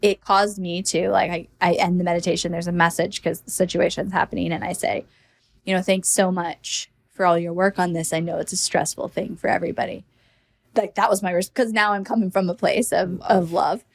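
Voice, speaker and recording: A woman's voice: lowish voice, steady tone, fairly quick, gravelly. A woman guest on a podcast, telling stories casually with many fillers and acting out her own thoughts. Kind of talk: casual conversational storytelling.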